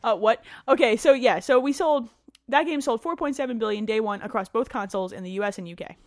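A woman's voice: fairly high pitch, fast, no echo, studio quality. A woman co-hosting a podcast, chatting casually about gaming news in a joking, sarcastic way and swearing freely. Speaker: podcast co-host.

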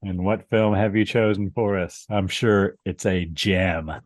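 A man's voice: low voice, steady tone, unhurried, no echo. A man co-hosting a podcast, casually retelling a film's plot in a dry, wry way. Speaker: podcast co-host. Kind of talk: casual movie recap chat.

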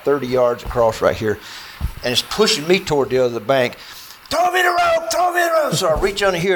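A man telling a true outdoor story to an audience in a folksy, animated way, acting out dialogue with plenty of fillers. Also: a little high, slight background noise, rough recording.

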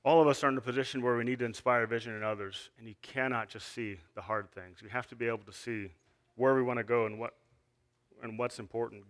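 Man, sermon, bright voice, earnest, conversational preaching with restarts. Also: mid-range voice. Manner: earnest, with frequent fillers and restarts, reading scripture aloud. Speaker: lay preacher.

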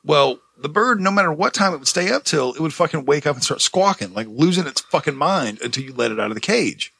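A man with a raised, gravelly voice rambles through a story, laughing and swearing as he goes. His tone is bright and a bit husky, and his pitch swings widely. The sound is dry and close. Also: expressive, a little fast, no room sound. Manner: rambling anecdotes, heavy swearing, frequent laughter. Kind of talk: casual chat, storytelling.

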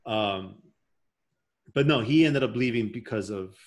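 A man's voice: mid-range voice, unhurried. A man hosting a podcast in casual chat, rambling and emotional as he talks. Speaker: podcast host.

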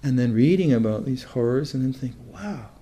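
This older man teaches meditation in a mellow, relaxed, mid-range voice, thinking aloud as he speaks. Thoughtful and halting, he restarts phrases again and again before landing on his point, unhurried as in a dharma talk.

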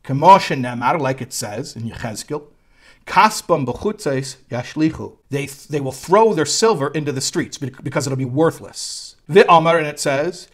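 Animated man teaching a text class. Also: on the high side. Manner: reads Hebrew text then translates line by line; animated, voice rising when quoting. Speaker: Torah teacher.

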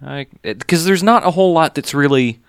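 A man's voice: a little high, expressive, a little fast, clear, resonant tone, no room sound, studio quality. A man hosting a casual movie chat, rambling with lots of ums and cheerful swearing. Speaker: podcast host.

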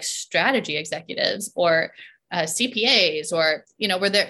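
A woman coach talking in a relaxed podcast conversation, often checking in with "right?" and laughing between points. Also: medium pitch.

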